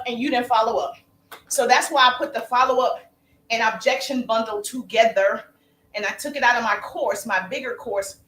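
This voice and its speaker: A woman business coach talking on a live stream, energetic and calling out her viewers by name. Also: high-pitched, roomy sound, low-quality recording.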